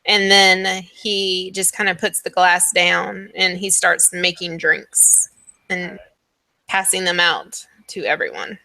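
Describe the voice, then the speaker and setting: A woman's voice: fairly low pitch, fairly even intonation, takes it slowly, creaky, bright, forceful tone. A woman narrating as dungeon master in a casual home tabletop game, describing scenes with frequent ums.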